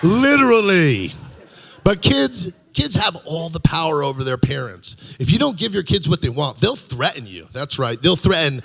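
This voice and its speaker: A man's voice: a little high, very animated, moderate pace, creaky, a bit bright, husky. A middle-aged man doing a stand-up comedy set on a club stage, rambling loosely and chuckling at his own punchlines.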